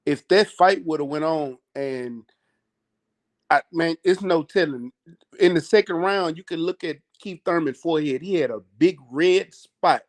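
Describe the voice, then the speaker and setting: A man's voice: a little high, measured pace. Emphatic man breaking down a fight. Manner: emphatic, loud and repetitive, slangy. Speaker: boxing podcast co-host. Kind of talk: heated casual chat.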